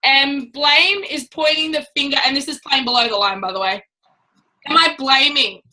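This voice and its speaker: A woman's voice: sits high, moderate pace, bright, forceful tone, low-quality recording. A woman giving a casual, blunt and chatty training talk to a business team. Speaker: network marketing trainer.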